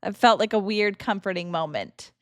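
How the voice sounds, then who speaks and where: A woman streaming a game live and chatting casually with her viewers, emotional and quick to laugh. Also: medium pitch, no echo, clean studio sound.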